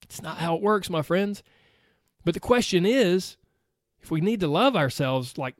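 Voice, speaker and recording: A man's voice: a little high, normal speed, dry recording, clean studio sound. A man hosting a motivational podcast, talking earnestly and acting out his listeners' objections. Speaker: podcast host.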